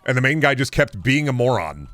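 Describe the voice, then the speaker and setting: A man's voice: medium pitch, a little fast, no echo, soft background music. A young man streaming a game, chatting casually and ranting with plenty of swearing. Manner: animated, profane ranting. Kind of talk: casual chat while gaming.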